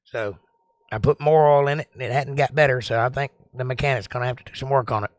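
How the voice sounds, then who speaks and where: A man's voice: medium pitch, fairly even intonation, fast, no room sound, clean studio sound. Southern man chatting on a livestream. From Georgia, US. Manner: rambling, joking, drawling. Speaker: livestream host. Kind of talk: casual live-stream chat reading comments.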